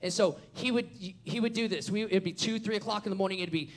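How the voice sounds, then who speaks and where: A man, preaching a sermon as a pastor and acting out a family story with lively storytelling. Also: high-pitched, quick pace. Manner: animated storytelling, acts out the scenes.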